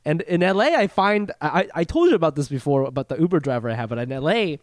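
Rambling, animated man telling a story. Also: a little high, fast talker, dry recording, clean studio sound. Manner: rambling, animated, acts out quoted voices. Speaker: podcast co-host. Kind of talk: casual comedic storytelling.

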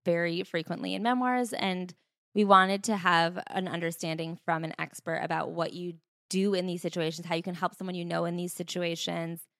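A woman co-hosting a book podcast in casual chat, with wry quick asides. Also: lowish voice, a bit bright, no room sound, clean studio sound. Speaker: podcast co-host.

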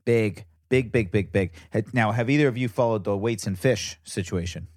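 Comedian guest, male, lower voice, rambling excited storyteller, dry close sound. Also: moderate pace, no room sound. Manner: animated rambling storyteller, repeats words. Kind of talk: casual podcast chat.

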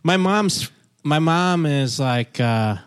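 A man co-hosting a podcast in casual chat, with a fairly high speaking voice and a chatty, self-mocking manner. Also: animated, slow, clean tone. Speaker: podcast co-host.

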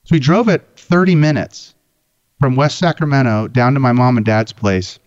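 A man's voice: mid-range voice, moderate pace, no echo, highs cut off. Man telling a loose, profane story. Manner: animated, profane anecdote-telling. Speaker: guest, Jeep owner. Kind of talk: casual storytelling chat.

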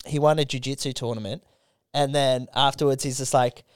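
A young man co-hosting a casual podcast, rambling through sweary stories and mimicking people in high voices. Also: fairly even intonation, brisk, clear, resonant tone, dry recording, studio quality. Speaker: podcast co-host.

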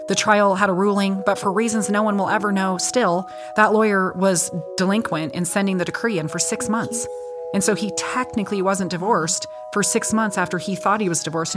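A middle-aged woman attorney telling courtroom stories in an interview, blunt and animated, swearing freely and acting out the people she quotes. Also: mid-range voice. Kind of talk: storytelling in a podcast interview. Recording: music bed under the voice.

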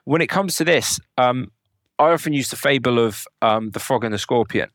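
A man's voice: medium pitch, expressive, a bit bright, no room sound. A man as a podcast guest, explaining at length with examples in a conversational interview. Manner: rapid, explanatory, lecturing with examples.

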